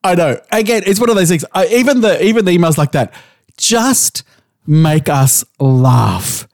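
A man's voice: high voice, expressive, moderate pace, creaky, darkish tone, dry recording, studio quality. Blunt, profane Australian man. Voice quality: wheezy laugh. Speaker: podcast co-host. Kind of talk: casual podcast chat.

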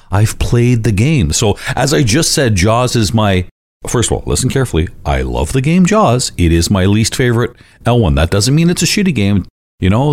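A man with a Canadian accent co-hosting a podcast, chatting casually, joking and swearing. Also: medium pitch. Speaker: podcast co-host. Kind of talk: casual chat.

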